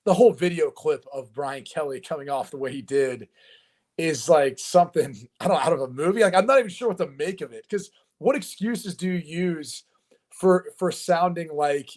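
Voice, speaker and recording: A man co-hosting a casual sports podcast, telling animated stories full of filler words. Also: on the high side, normal speed. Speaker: podcast co-host.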